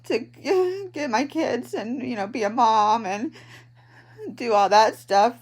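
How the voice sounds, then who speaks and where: A woman in her thirties talking in a personal video diary from home, halting and tearful, with many pauses and ums. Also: fairly high pitch. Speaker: vlogger, patient. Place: at home, in bed.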